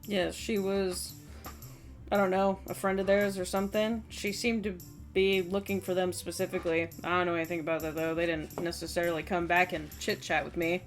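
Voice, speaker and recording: A woman's voice: lowish voice, little pitch movement, brisk, faint music behind, close to an everyday voice. A woman voicing a casual, slightly dismissive female townsperson in a tabletop game. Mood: offhand. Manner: casual, offhand.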